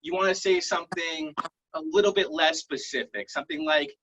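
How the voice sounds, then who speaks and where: A man doing a stand-up set over a video call, rambling through self-deprecating jokes in a deadpan way. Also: on the high side, a little fast, background noise. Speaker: stand-up comedian. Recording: muffled lo-fi online call audio.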